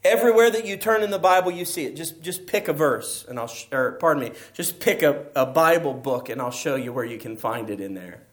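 A man's voice: a little high, expressive, a little fast, hardly any pauses. A man preaching a sermon as pastor, emphatic and asking his listeners rhetorical questions.

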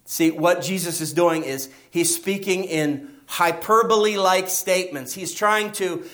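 A man's voice: high voice, a little slow, fairly bright tone. A man preaching a sermon as pastor, emphatic and asking his listeners rhetorical questions.

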